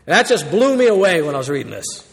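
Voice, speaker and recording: A man preaching a sermon as pastor, emphatic, moving between loud declarations and quiet asides. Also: a little high, very animated, quick pace, vocal fry, big-room sound.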